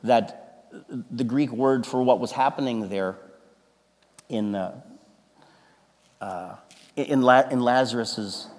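A man preaching a sermon as a pastor, animated and emphatic, stumbling into restarts and breaking into sudden loud exclamations. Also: mid-range voice, takes it slowly, long pauses. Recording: long reverb of a large hall.

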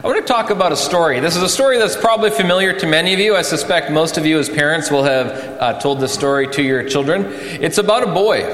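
A male pastor telling a story in a sermon, animated, his voice rising for drama and dropping for solemn points. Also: fairly high pitch. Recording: echoey church hall.

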